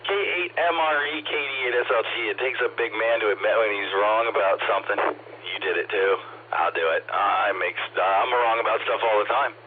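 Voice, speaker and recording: A man from Ohio leads a radio net, calling stations by call sign in a friendly, joking way. His voice sits a little low, and it comes through a thin, tinny radio channel with a faint hiss behind it. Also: moderate pace. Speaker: net control operator. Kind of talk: amateur radio net check-ins.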